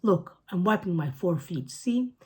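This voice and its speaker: A woman's voice: lowish voice, expressive, unhurried, mellow, slightly rough. A woman reading a storybook aloud, voicing a friendly, boastful little male mouse. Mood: cheerful.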